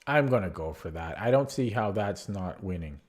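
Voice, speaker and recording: A young man streaming chess, thinking his moves out loud, repeating words as he calculates and chatting back to his viewers. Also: sits low, expressive, normal speed, noisy background. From Canada. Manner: chatty replies to viewer chat. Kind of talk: live-stream chess commentary, thinking aloud.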